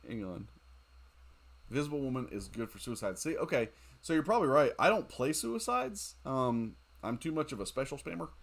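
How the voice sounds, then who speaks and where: A man's voice: mid-range voice, animated, a little fast. A man streaming a mobile game late at night, chatting casually, reading viewer comments aloud, joking and laughing often. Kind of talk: casual live-stream chat while playing.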